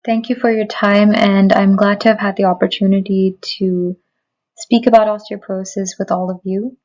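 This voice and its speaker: A woman physician giving a prepared lecture, speaking in a measured, clear, explanatory way from a remote recording. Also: mid-range voice, little pitch movement, a little mellow, lo-fi sound. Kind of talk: prepared medical presentation. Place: remote recording, not in person.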